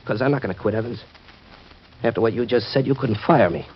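A man's voice: medium pitch, a little fast, over music, close to an everyday voice. An actor playing a blunt, proud working-class man who talks in slangy, tough street talk, in 1940s radio acting style. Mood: heated. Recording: dull lo-fi old radio recording.

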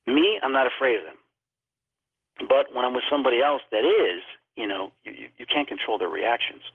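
As a guest on a talk show, a man tells a paranormal story animatedly, acting out the dialogue of the people he quotes. His medium-pitched voice has vocal fry and a breathy edge, and he speaks at a moderate pace. The audio is dry with a phone-line sound.

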